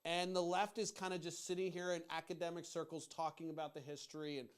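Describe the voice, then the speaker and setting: A middle-aged man hosting a profane political rant, fired up, rambling and yelling his points. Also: on the high side, level tone, quick pace, smooth. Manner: rambling with restarts. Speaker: political commentary host.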